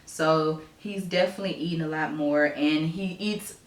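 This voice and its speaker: A woman's voice: moderate pace, reverberant. A young woman vlogging casually as a mom, chatting to camera at home with a baby on her knee. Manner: chatty, switches to high sing-song baby talk. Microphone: camera mic.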